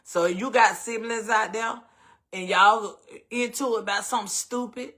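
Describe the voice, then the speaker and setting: A man with a Southern US accent, hosting a casual chat with viewers and calling them baby and honey in an animated way. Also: sits high, normal speed. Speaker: host.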